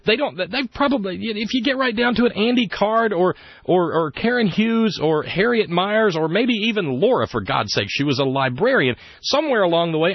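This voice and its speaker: A man's voice: sits high, husky, no room sound. A man hosting a talk radio show. He rambles wryly and often restarts his sentences. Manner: rambling, wry, with many restarts. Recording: dull lo-fi radio broadcast.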